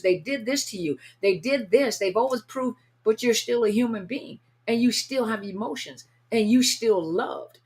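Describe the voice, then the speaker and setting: Earnest woman teaching about grief. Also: a little high. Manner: earnest, repetitive, acts out inner voices. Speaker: coach on narcissist abuse recovery. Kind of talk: unscripted teaching talk.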